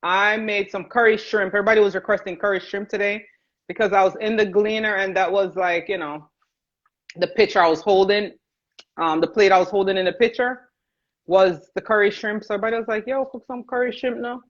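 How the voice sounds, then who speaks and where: A Jamaican woman hosts a live cooking stream, chatting easily and laughing as she calls out viewers by name. Her voice sits at a middle pitch. The sound is a little dull and lo-fi, like a phone livestream. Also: steady tone, brisk. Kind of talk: casual livestream chat while cooking.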